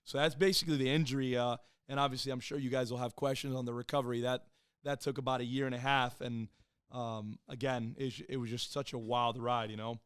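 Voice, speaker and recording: A man in his thirties talks fast in a smooth, clear voice that sounds close and dry. He is a podcast guest telling his own story in a casual, profane way. He acts out the voices of the people he quotes. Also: medium pitch, level tone, no room sound. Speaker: podcast guest, former Marine and police officer.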